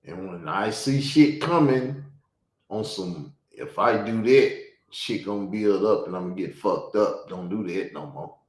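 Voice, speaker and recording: Male podcast host, profane animated storyteller, echoey room sound. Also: on the low side, a little slow. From Chicago. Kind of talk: casual storytelling chat.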